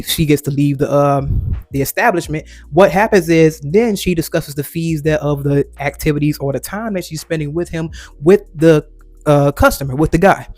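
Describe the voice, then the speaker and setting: A man's voice: a little high, dry recording. Rambling man giving his opinion, dry sound. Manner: rambling, frequent restarts and quoted impressions. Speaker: commentary channel host. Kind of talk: casual opinion monologue.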